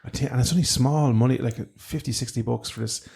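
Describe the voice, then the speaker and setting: A man's voice: mid-range voice, brisk, gravelly, a little mellow, husky. An Irish man co-hosting a podcast, rambling through a gear review with lots of restarts. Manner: rambling, with many restarts and fillers. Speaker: podcast co-host. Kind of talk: casual gear review chat.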